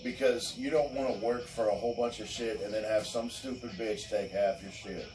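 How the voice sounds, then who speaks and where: A man's voice: lowish voice, fairly even intonation, moderate pace, a little mellow, far from the mic, slight background noise, poor audio. Blunt, profane man ranting off-mic. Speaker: show host. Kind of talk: casual crude podcast chat.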